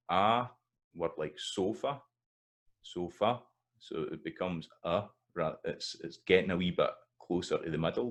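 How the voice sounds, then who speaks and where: Deep-voiced Scottish man teaching. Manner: thinking aloud with fillers, repeating example words slowly. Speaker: language teacher. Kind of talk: explanatory video lesson.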